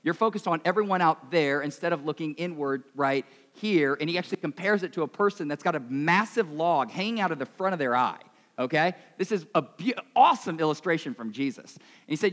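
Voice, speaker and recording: Guy preaching, chatty and self-mocking, kinda high voice, long hall echo. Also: lively intonation, brisk. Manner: conversational, self-mocking, swings between loud and quiet. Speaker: pastor. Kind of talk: sermon.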